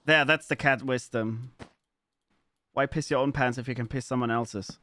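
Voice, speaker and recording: A man's voice: medium pitch, fairly even intonation, moderate pace, bright, forceful tone. A man from Germany with a German accent, chatting casually with his live-stream audience, playful and swearing freely as he riffs on chat messages.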